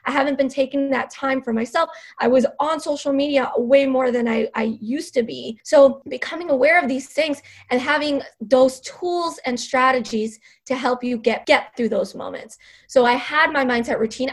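A woman teacher and coach speaks as a podcast guest in a high voice. She sounds earnest and encouraging. She often backs up to restart a phrase as she talks. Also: moderate pace. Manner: earnest, encouraging, self-correcting. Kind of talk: casual interview chat.

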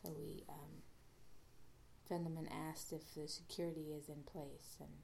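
A woman's voice: low-pitched, flat delivery, a little slow, creaky, noisy background. A woman podcast host casually recapping an episode, rambling with many fillers and restarts.

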